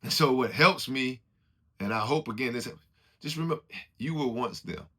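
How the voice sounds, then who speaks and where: A man's voice: mid-range voice, lively intonation, moderate pace, bright, forceful tone, slightly rough. A man giving an informal, preachy motivational talk, acting out what other people say as he goes. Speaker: motivational speaker.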